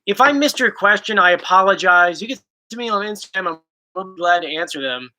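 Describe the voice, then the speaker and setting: A man's voice: sits high, lively intonation, fast, pushed and bright, slight background noise, poor audio. A young man hosting a casual chat, rambling playfully and reading viewer questions aloud. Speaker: YouTube host.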